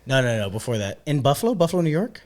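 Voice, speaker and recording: A young man hosting a podcast in a bar, telling stories in a loose, profane and animated way. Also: mid-range voice, racing. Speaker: podcast host, bartender. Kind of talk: casual storytelling chat.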